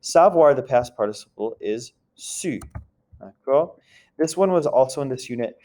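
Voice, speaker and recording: A man's voice: medium pitch, expressive, moderate pace, dark tone. Man teaching a French lesson. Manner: explains step by step with a repeated check-in question. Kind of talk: recorded classroom grammar lesson.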